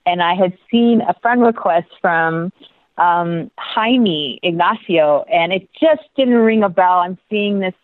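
A middle-aged woman telling a story as an interview guest, lively and animated, with quick asides and restarts. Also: on the low side, no room sound. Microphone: phone. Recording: tinny dry phone line.

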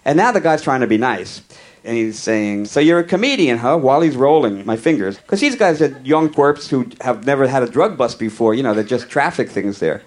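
A male comedian telling a long comic story in a wry, conversational way, with deadpan asides. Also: mid-range voice, normal speed.

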